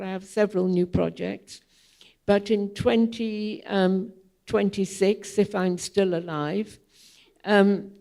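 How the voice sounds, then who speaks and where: An older woman speaking to a theatre audience as a guest, telling long anecdotes in an unhurried, digressive way, with frequent ums. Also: medium pitch, gravelly, dark tone. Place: theatre hall, public event.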